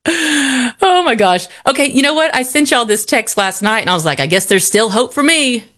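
A woman's voice: fairly high pitch, expressive, fairly quick, fairly bright tone. Chatty, wry woman radio co-host. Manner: chatty, wry, laughs easily. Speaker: radio morning show co-host. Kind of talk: casual showbiz gossip chat. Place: radio studio.

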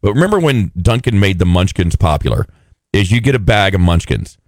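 Male co-host, fairly low and lively voice, wry and jokey, dry close sound. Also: a little fast, dry recording. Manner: joking, wry asides. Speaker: radio show co-host. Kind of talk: casual chat.

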